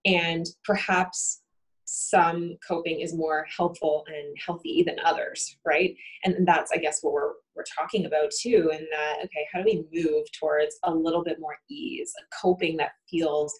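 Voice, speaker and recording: A woman's voice: sits low, steady tone, moderate pace, rough recording. A woman therapist talking through coping with a colleague, thinking aloud and often checking in with "right?". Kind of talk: conversation about coping between colleagues.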